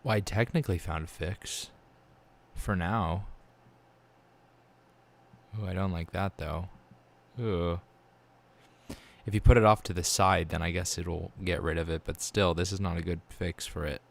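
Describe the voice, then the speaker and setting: Deep-voiced exasperated young man. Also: steady tone, measured pace, vocal fry, long pauses. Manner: exasperated, muttering to himself. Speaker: vlogger learning 3D software. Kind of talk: casual screen-recorded commentary.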